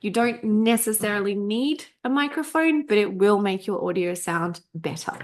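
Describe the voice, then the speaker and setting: Recorded over Zoom on a desk USB microphone with a little hiss or hum, a thirties-aged woman coach gives a casual podcast workshop. Her voice is medium-pitched and expressive at a moderate pace. She's chatty and emphatic, swears freely, trips over words and is a bit coughy.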